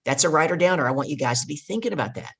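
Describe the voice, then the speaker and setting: A woman's voice: sits low, animated, very fast, husky. A woman guest and leadership coach in an interview, telling stories with emphatic, teaching delivery. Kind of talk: casual interview talk.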